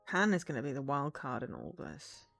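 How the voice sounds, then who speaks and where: A woman's voice: extremely low pitch, sing-song, moderate pace, vocal fry, a bit bright. A woman streaming a game from home, chatting casually and self-deprecatingly into a desk microphone, sometimes reading lines aloud, with faint game music behind. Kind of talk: casual let's-play commentary.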